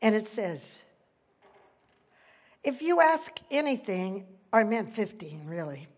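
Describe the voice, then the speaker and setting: A woman's voice: mid-range voice, big pitch swings, takes it slowly. A woman giving an informal, chatty sermon, laughing often and losing her place in the text, leaning hard on key words. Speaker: preacher.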